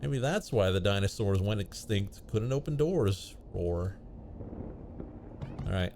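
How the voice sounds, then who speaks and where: A man's voice: fairly low pitch, lively intonation, moderate pace, darkish tone, a little hiss or hum. A man casually playing a video game, reading its text aloud and joking with his chat. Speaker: game streamer. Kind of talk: casual let's-play commentary.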